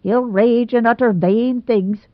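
Woman doing a loud sarcastic old housekeeper. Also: on the high side, fairly even intonation, slow, dry recording, voice pushed up. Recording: dry tinny phone-like sound.

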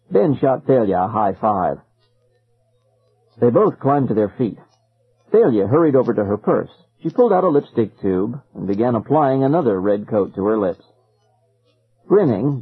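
Husky man reading a story, tinny. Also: fairly low pitch, normal speed, no room sound. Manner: lively, expressive reading. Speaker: audiobook reader. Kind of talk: first-person storybook narration. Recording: phone-like narrow band, dry, faint music.

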